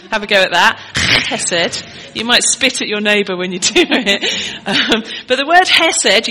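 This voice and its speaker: A middle-aged woman preaches to her congregation. Her voice is bright and sharp. She talks in a chatty, teaching way and keeps putting questions to her listeners. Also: medium pitch, low-quality recording. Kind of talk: sermon.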